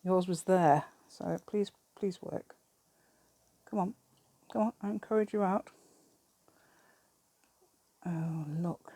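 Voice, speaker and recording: A woman's voice: fairly low pitch, fairly even intonation, takes it slowly, pauses often, mellow. A British woman hosting a craft channel, chatting through a crafting demonstration and rambling to herself with giggly asides.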